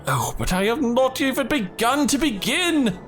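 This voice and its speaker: A man's voice: very high-pitched, big pitch swings, normal speed, a bit bright, soft background music, voice pushed up, heavily acted. A man reading a proud, bombastic old grandfather's lines from a game in a hammy voice.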